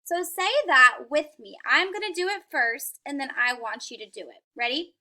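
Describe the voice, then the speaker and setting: A woman's voice: sits high, lively intonation, normal speed, pushed and bright. A young woman teaching a phonics lesson to young children at home, patient and encouraging.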